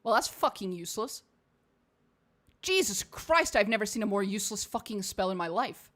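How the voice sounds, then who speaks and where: A woman's voice: medium pitch, lively intonation, moderate pace, a bit bright. A young woman from Portugal with a shifting accent, mostly British or American with a slight Portuguese edge, giving blunt, profane, laughing commentary while streaming a game. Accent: shifting, mostly posh British or American, slight Portuguese.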